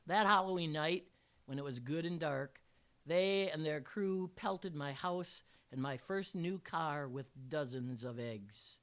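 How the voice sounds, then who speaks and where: A woman's voice: low-pitched, takes it slowly. An older woman, a retired teacher, reading a personal story aloud with dry, wry humor. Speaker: retired teacher telling a memoir.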